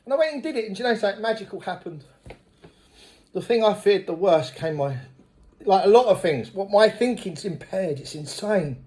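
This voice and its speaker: A middle-aged man with a blunt, swearing manner, telling his recovery story at a meeting as a lively storyteller. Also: high voice, a little fast. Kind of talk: personal recovery testimony.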